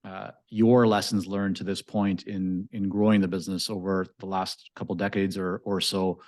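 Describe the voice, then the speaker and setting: A man's voice: deep voice, level tone, moderate pace, a little mellow. A man hosting a podcast, asking long, meandering questions with fillers. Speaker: podcast host. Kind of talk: interview questions.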